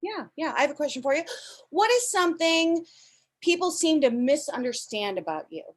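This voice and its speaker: Upbeat high-voiced woman hosting a game show. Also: sing-song, normal speed. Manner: upbeat, playful and teasing. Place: home studio.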